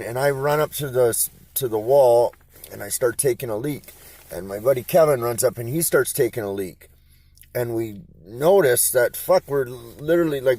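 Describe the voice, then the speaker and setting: A man's voice: medium pitch, a little mellow. A man from Canada telling a rambling, profane story in casual talk. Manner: rambling, profane, laid-back. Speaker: interviewee.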